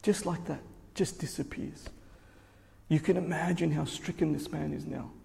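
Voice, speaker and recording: A man giving a sermon, telling a parable slowly and emphatically before drawing its lesson. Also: a little high, fairly even intonation, creaky, a little mellow. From Australia. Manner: storytelling, slow and emphatic, voicing characters in quotes. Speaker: religious teacher. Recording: long hall reverb.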